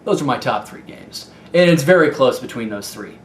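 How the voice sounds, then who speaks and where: Young Midwestern gaming vlogger, mid-pitched, chatty and unpolished, recorded in a slightly echoey room. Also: male voice, expressive, moderate pace. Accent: Midwestern American. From Ohio. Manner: rambling, candid, many fillers and restarts. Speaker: YouTube gaming video maker. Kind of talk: casual Q&A vlog. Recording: echoey room with faint noise.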